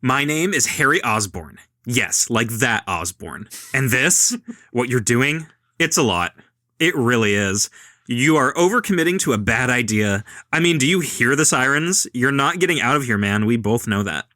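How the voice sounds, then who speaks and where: Man doing a smooth rich young man, persuasive, bright voice, lively pitch. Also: moderate pace, dry recording, clean studio sound.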